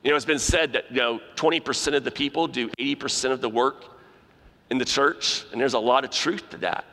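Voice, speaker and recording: A man's voice: medium pitch, a little fast. Preaching man in a reverberant church. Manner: animated preaching, acting out quoted voices. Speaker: pastor. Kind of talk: sermon. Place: church sanctuary. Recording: long reverb of a large hall.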